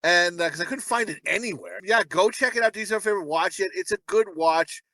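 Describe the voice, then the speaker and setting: Loud, profane, high-voiced man. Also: quick pace, no room sound. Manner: profane, laughing, boisterous. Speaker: podcast co-host. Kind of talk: casual movie review chat.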